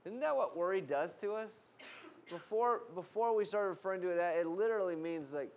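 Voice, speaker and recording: High-voiced preacher man. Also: a little fast. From United States. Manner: animated storytelling, casual fillers. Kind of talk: sermon.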